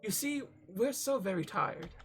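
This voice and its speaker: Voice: mid-range voice, big pitch swings, moderate pace, gravelly, a bit bright, faint music behind. A streamer voicing a polite, well-spoken man in a plague doctor mask, reading a game aloud with formal, courteous phrasing. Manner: courteous, genteel and overly formal. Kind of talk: let's-play reading aloud.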